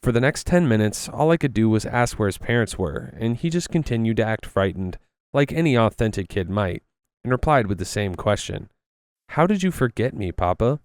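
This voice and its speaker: Low, smooth male story narrator. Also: a little fast, no echo. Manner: steady storytelling. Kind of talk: reading stories aloud while gaming.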